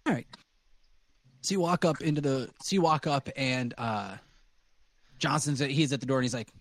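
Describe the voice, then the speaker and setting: A man's voice: mid-range voice, normal speed, long pauses, no echo. Man as game master, tabletop narration, dry close mic. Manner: loose, searching, many restarts.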